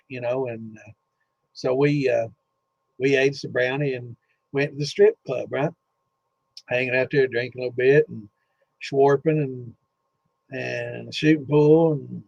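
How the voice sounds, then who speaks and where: A man's voice: mid-range voice, vocal fry, a little mellow, no echo. Rambling, profane man telling stories. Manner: rambling, profane, full of fillers. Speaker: host of a distilling Q&A livestream. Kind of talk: casual storytelling chat. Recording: slightly dull lo-fi sound.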